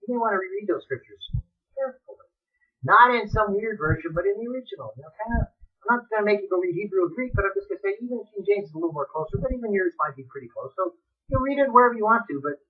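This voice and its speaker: A man preaching a fiery sermon on the radio, swinging from shouted pleas to hushed, dramatic asides. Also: high-pitched, recorded from a distance, muffled recording.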